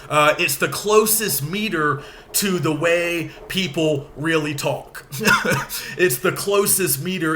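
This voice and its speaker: A man lectures in a bright, fairly high voice. He explains slowly and patiently, repeating key points and checking that his students follow. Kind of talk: recorded lecture.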